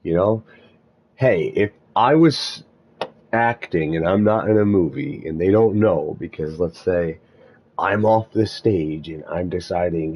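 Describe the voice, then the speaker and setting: A man musing aloud in a meandering spiritual monologue, halting often and restarting his thoughts. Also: sits low, a little mellow, husky.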